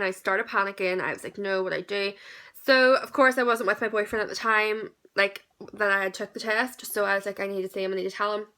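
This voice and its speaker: A woman's voice: mid-range voice, bright, forceful tone. A young woman in her late teens, telling a personal story in a chatty, candid vlog with lots of fillers. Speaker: vlogger.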